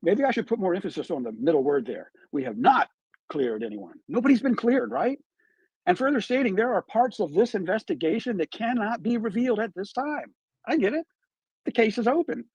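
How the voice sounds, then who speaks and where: Emphatic man with a lively high voice. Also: a little fast, husky, no room sound, highs cut off. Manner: emphatic, rhetorical questions. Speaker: true crime commentator. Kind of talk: live stream commentary. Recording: played back from a live stream.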